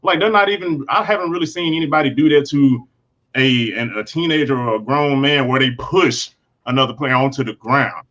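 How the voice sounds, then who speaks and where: A man speaking as a panelist in a casual discussion, thoughtful, with halting restarts. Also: medium pitch, a bit bright, lo-fi sound.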